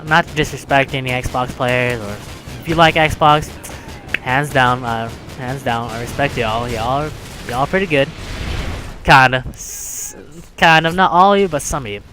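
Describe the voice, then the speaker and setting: A man's voice: medium pitch, normal speed. A young man telling a casual story, rambling and filling it with "like" and "right?", with music behind. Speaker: vlogger.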